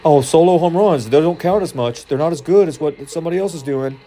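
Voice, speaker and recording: A man casually commenting on a baseball game as he watches, rambling, joking and swearing, with sudden excited outbursts. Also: on the high side, fast talker. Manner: rambling, profane, jokey, prone to excited outbursts. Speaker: baseball watch-along streamer.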